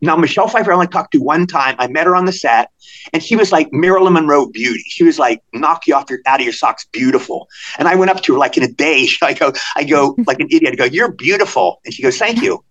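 A man in his sixties from Maryland, a guest actor telling stories in a podcast interview, talking fast and excitedly, repeating words and restarting his sentences. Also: on the high side, dull audio. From Cumberland, Maryland. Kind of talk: animated storytelling in a podcast interview.

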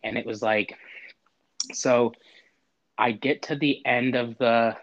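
A man tells a frustrated story in a casual chat, popping into little voices for each side of the call. His pitch sits in an ordinary middle range. The audio is somewhat dull and lo-fi. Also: slow pace. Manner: animated, acts out both sides of a phone call with exasperated humor.

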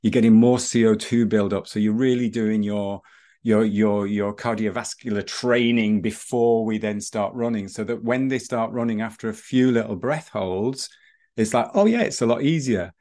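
A man who teaches breathing and running, telling stories in a relaxed podcast chat with many restarts. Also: on the low side, moderate pace. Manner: storytelling, rambling with restarts.

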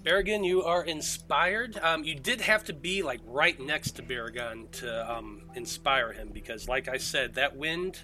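Bright-voiced man running a tabletop game. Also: mid-range voice, unhurried, hardly any pauses, soft background music. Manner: loose, filler-heavy narration. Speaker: game master.

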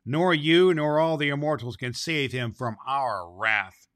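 The wrathful king of evil beings, put on by a man hurls defiance with a voice shaking in rage. His tone is bright and tense. The storybook reading sounds dry and close. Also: mid-range voice, a little slow, no echo, natural voice. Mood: raging defiance.

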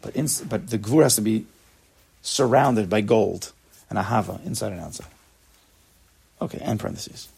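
Gravelly, husky man giving a Torah talk. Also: on the low side, normal speed, long pauses, darkish tone. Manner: emphatic, repeats words, sprinkles in Hebrew terms. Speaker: Torah teacher. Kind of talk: spoken Torah lecture.

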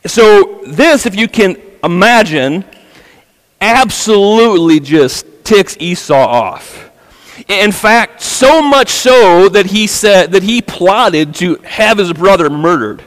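A man's voice: high voice, expressive, slow, in a large hall, low-quality recording. A male pastor preaching a sermon and retelling a Bible story in a casual, chatty way. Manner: casual storytelling, acting out the characters' lines. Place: church sanctuary.

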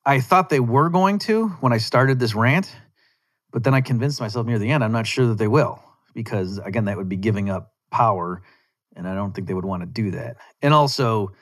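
A man's voice: fairly low pitch, brisk. A man hosting a podcast, talking through a long, sarcastic, rambling rant and often interrupting himself. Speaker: podcast host. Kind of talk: casual monologue rant.

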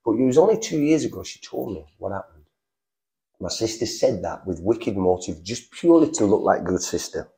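Middle-aged english guy telling his story, low mellow voice that swoops up and down, lots of restarts. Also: brisk, creaky. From England. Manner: animated, acts out quoted voices, frequent restarts. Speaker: guest telling his testimony. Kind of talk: casual storytelling.

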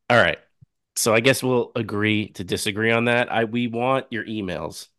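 Low-pitched easygoing man, laughing podcast host. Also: unhurried, a bit bright, no room sound, studio quality. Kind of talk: casual movie chat.

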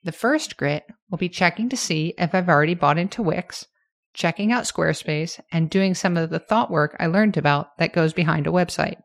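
A woman hosting her own podcast, talking through her plans in a candid, self-reflective, measured way. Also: fairly low pitch, gravelly. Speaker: podcast host. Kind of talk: reflective solo podcast monologue.

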